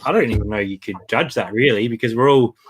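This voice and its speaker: Relaxed Australian man hosting a live chat. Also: mid-range voice, fast talker, breathy edge. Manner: relaxed, reads out viewer comments, chuckles often. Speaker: host. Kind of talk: casual live-stream chat.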